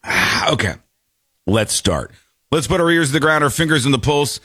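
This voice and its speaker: A man's voice: animated, moderate pace, sharp tone, breathy edge, no room sound, studio quality. A male show host talking in a playful, jokey way, with a stuffy, congested voice. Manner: playful, jokey, swings pitch widely. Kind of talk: casual comedic show banter.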